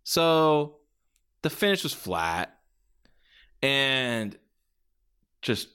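A man's voice: mid-range voice, very slow, clean tone. A man hosting a podcast, reviewing in a casual, rambling way with lots of restarts. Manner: animated, rambling with many restarts. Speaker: podcast host.

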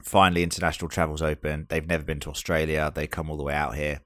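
Very low-voiced man joking on a podcast. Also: level tone, fast, a bit bright, dry recording, studio quality. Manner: swears freely, joking banter. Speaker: podcast co-host. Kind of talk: casual film podcast chat. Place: home in Australia.

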